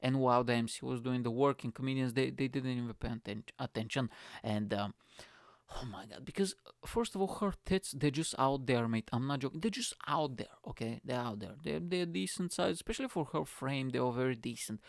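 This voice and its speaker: Male comedian, solo podcast rant, hyper and profane, gravelly voice, dry close mic. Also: medium pitch, dry recording. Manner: hyper, swearing, fast-running storytelling.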